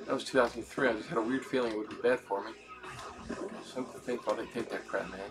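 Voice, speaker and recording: A man's voice: mid-range voice, fairly even intonation, fast. A man giving casual gameplay commentary, swearing and muttering to himself as he plays. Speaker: gaming YouTuber. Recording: game music playing loudly behind.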